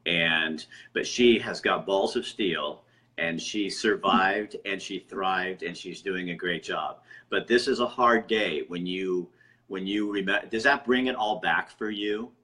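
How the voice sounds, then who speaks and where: Blunt low-voiced man hosting a live stream. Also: measured pace, pushed and bright. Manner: blunt, scolds the live commenters. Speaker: host of a live online interview.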